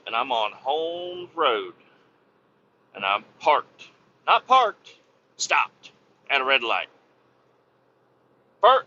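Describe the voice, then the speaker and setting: A man's voice: mid-range voice, muffled recording, a little hiss or hum. A man hosting a podcast, casually telling a story with a lot of cursing and repeating himself. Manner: profane, animated, repeats himself.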